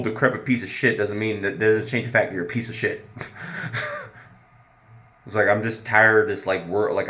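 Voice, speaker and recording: A man's voice: lowish voice, a bit bright. A man ranting casually about a TV episode, exasperated and profane, laughing at his own jokes. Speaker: TV show reviewer. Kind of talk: casual profane review rant.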